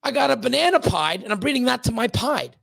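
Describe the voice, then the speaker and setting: A man's voice: very high voice, big pitch swings, fast, creaky, a bit bright, dry recording. A man talking as a podcast guest in a blunt, profane rant, often repeating words as he gets worked up. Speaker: podcast guest, snake breeder. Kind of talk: candid ranting conversation.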